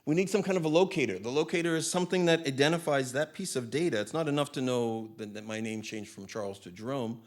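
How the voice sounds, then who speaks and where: A man from Canada giving a conversational conference talk, often adding tag questions, on a handheld mic. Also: fairly low pitch. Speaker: conference speaker. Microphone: handheld mic, hot gain.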